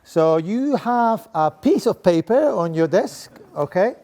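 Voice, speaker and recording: A man's voice: high voice, lively intonation, takes it slowly, warm tone. Playful Spanish-accented man giving a talk. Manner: playful, chatty, tags lines with "okay?". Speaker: sport coaching professor giving a talk. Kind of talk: interactive talk to a live audience. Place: room with a seated audience at desks.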